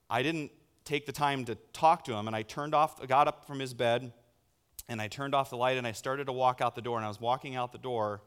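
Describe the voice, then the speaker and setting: A man in his thirties preaching a sermon as a pastor, telling stories with sudden loud bursts. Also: medium pitch, smooth.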